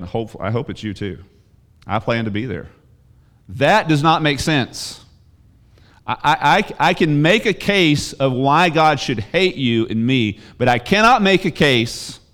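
A man preaching with a mid-range voice. He presses his points hard, repeating words and restarting lines. He drops to quiet asides, then leaps back up with loud stresses. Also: mid-range voice. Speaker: pastor. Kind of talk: sermon.

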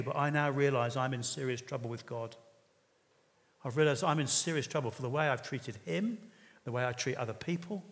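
A man's voice: on the high side, animated, brisk. Man preaching in a reverberant hall. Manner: earnest, conversational preaching with hesitations. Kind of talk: sermon.

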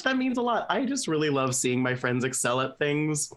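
A man's voice: on the high side, very animated, normal speed, fairly bright tone. A young man as a podcast guest, rambling casually with lots of fillers and self-deprecating jokes. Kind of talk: casual chat.

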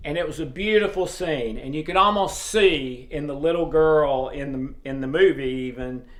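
A man giving an informal sermon, earnest and emphatic, with frequent pauses and fillers. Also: on the high side. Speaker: preacher. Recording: roomy echo.

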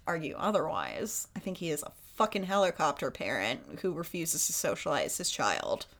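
A woman's voice: sits low, moderate pace, vocal fry. A woman hosting a podcast, recapping a film in casual chat, acting out the characters and swearing freely. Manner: animated storyteller, acts out characters, swears freely. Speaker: podcast host.

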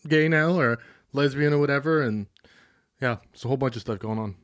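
A man co-hosting a casual podcast chat, animated and quick to act out quotes. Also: mid-range voice, dry recording, studio quality. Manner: animated, swears, acts out quotes.

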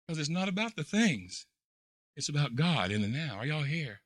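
A pastor preaching with a sharp, very bright voice pitched a little high, telling his story in a folksy, rambling way. He repeats words and leans on fillers, dropping low and quiet when reflective, then swelling loud and excited. The sound is dry and close. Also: a little slow, long pauses, dry recording. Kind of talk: sermon.

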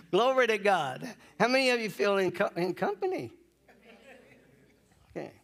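A man preaching a sermon, leading call-and-response and drawing out key phrases slowly. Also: high-pitched, sing-song, vocal fry, a bit bright. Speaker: pastor.

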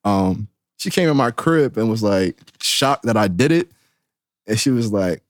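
A man's voice: lowish voice, a little slow, no echo, studio quality. A young man co-hosting a casual podcast, telling stories with many laughs and acted-out quotes. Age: young adult. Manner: animated storyteller, laughs often, acts out quotes. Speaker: podcast co-host. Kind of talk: casual storytelling chat.

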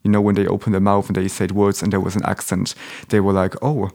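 A man's voice: low voice, completely flat delivery, quick pace, vocal fry, darkish tone. A young man born in Germany, talking as an interview guest in a casual, hesitant way, often restarting and searching for words.

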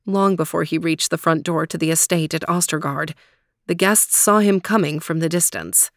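A woman storyteller reading a storybook aloud in a calm, measured manner, then reflecting on it. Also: sits low, no room sound, clean studio sound.

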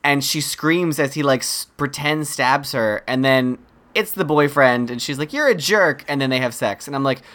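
A man's voice: medium pitch, fairly even intonation, moderate pace, fairly bright tone. A man co-hosting a casual comedic movie review podcast, telling the plot with animation and acting out the characters' lines. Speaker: podcast co-host.

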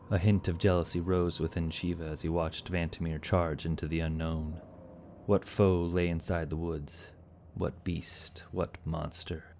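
A man giving steady, scripted narration of a fantasy adventure story. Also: low-pitched, a little slow, slight background noise.

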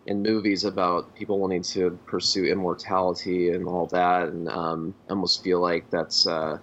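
A man co-hosting a podcast, talking about films in a halting, hesitant way. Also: low-pitched, level tone, a bit bright, a little hiss or hum. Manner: halting, full of fillers and restarts. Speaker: podcast co-host. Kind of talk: casual film discussion. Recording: dull lo-fi podcast audio.

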